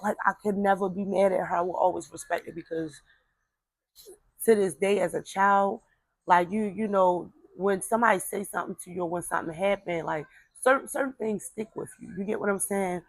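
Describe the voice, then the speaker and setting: Speaking a little fast in a medium-pitched voice, a woman rambles through a casual family story, repeating words, using fillers, and putting on relatives' voices for their quotes. There's no room sound, but the audio is poor.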